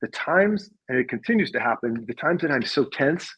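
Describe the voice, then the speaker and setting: Husky-voiced man telling sales stories. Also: medium pitch, animated, moderate pace, fairly bright tone, low-quality recording. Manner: reflective, laughs while telling stories. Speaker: podcast guest, sales leader. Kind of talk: casual conversational storytelling.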